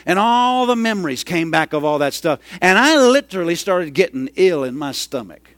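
A middle-aged man preaching a sermon, telling a story and rising into loud, excited hollering. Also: high-pitched, normal speed, no room sound. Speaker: pastor.

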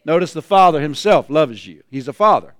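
A male pastor preaching a sermon in a church, his fairly high voice smooth and resonant. He calls out to the congregation and stacks repeated lines that climb into shouts. The sound is dry and close. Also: sing-song, brisk, no room sound. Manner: preaching with rising shouted refrains.

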